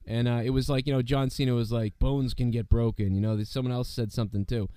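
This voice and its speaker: Hoarse man rambling on a podcast. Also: medium pitch, steady tone, quick pace, mellow, no echo. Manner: rambling, lots of fillers and swearing. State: hoarse, sick voice. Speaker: podcast host. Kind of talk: casual podcast chat.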